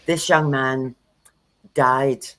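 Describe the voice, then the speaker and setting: On a low-quality recording, a woman with a bass voice speaks in a steady tone and draws out her words. She's a tarot reader and workshop host running a livestream, chatting casually and frankly, telling anecdotes and acting out what people said to her.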